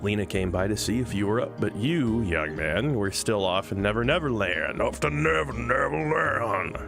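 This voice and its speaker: A man's voice: fairly low pitch, expressive, moderate pace, creaky. A man voicing a middle-aged village mother who teasingly scolds her son for oversleeping, in a game read-along. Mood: scolding. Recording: game music behind.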